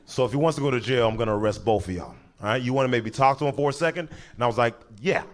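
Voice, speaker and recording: A young adult man telling a story in stand-up style, animated and often laughing at his own jokes. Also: mid-range voice, racing. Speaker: stand-up comedian.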